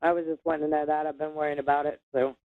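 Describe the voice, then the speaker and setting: A woman calling in to a psychic show, answering briefly and softly. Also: deep voice, flat delivery, very fast, no room sound. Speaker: caller. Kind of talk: phone call-in. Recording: dry tinny phone line.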